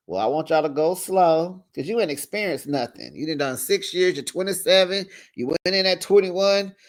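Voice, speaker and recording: A woman's voice: fairly low pitch, moderate pace. Sassy woman recapping, full of laughs. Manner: animated, sassy, laughs often, acts out the people she quotes. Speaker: recap host. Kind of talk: casual reality-TV recap, acting out the scenes.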